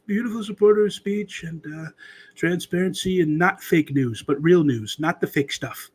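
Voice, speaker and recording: A man's voice: high-pitched, normal speed, husky. Rambling sarcastic male podcast host. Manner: rambling, sarcastic, does mocking impressions. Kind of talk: casual political commentary.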